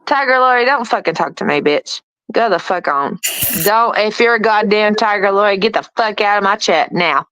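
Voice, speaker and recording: A woman's voice: mid-range voice, moderate pace, fairly bright tone, smooth, no room sound, rough recording. A woman hosting a casual livestream chat, taunting and mocking her critics and laughing often. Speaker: livestream host.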